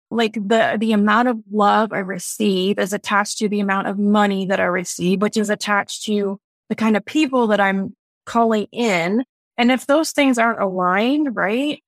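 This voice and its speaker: On a podcast, a business owner talks in a relaxed interview about her own experience, earnest and reflective, tending to lay things out in lists. She has a mid-range voice with vocal fry, and there's no echo.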